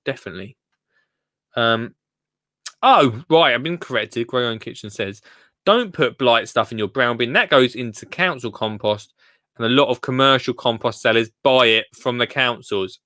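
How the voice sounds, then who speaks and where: A young man with an Essex accent hosts a gardening phone-in livestream from home, reading comments live in chatty, self-deprecating fashion and rambling with lots of fillers. His mid-range voice is expressive, bright and forceful at normal speed, in a dry, studio-quality recording.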